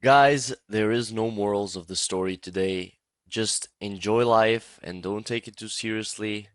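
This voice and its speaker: A young man narrating a storytime vlog with an animated, laughing, profane delivery. His voice sits fairly low and sounds close and dry, with no room behind it. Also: a little slow, no room sound. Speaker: storytime vlogger.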